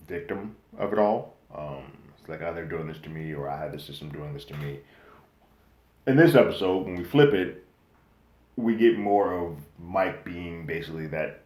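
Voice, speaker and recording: Very deep-voiced man reviewing a show. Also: echoey room. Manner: conversational, with frequent um and like fillers and animated quoted asides. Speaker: podcast host reviewing a TV series. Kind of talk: casual spoken review.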